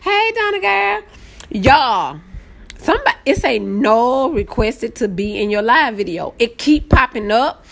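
A woman from the Southern United States hosts a live stream in casual chat, greeting viewers by name. She's easily excited, and her pitch swoops up and down, jumping high whenever she gets worked up.

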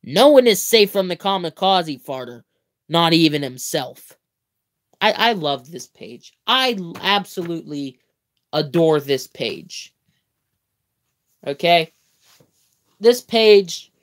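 A young man hosting a livestream, reading a comic book aloud in a playful, theatrical way, with chatty asides, drawn-out words and self-corrections. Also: fairly high pitch, expressive, fairly bright tone. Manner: playful, theatrical reading with mock-grand exclamations. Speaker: livestream host.

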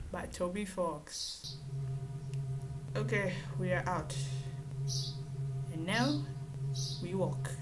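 A woman's voice: lowish voice, drawn-out words, long pauses, poor audio. A woman hosting a playful let's play, commenting casually on the game, with music behind. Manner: playful, giggly. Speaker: gamer, channel host.

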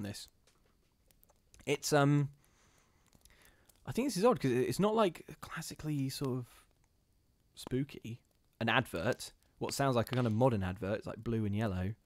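A man's voice: medium pitch, darkish tone, no echo. A man hosting a live ghost story reading, chatting casually with his viewers between passages in a self-deprecating way.

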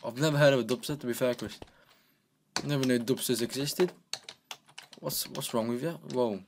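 A gaming channel host gives casual, joking commentary on his gameplay, chatting away and coaxing himself along as he plays. His middle-pitched voice moves at a normal speed through a desk microphone, with faint keyboard clicks and a noisy background behind him.

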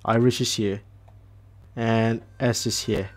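A man's voice: mid-range voice, level tone, takes it slowly. Crude, chatty man playing a game. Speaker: gameplay commentator. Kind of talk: casual let's-play commentary.

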